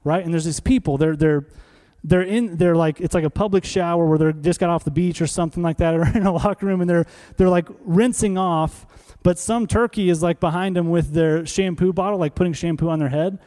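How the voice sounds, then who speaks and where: A male pastor preaching a sermon in a conversational, animated way, acting out little scenes. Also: a little high, fairly quick, few pauses.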